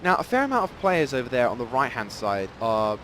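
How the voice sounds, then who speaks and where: A man's voice: medium pitch, fairly quick, slight background noise. Chatty man commentating a game. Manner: rambling, chatty and self-deprecating, with sudden excited outbursts. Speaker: gameplay commentator. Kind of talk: casual live gameplay commentary.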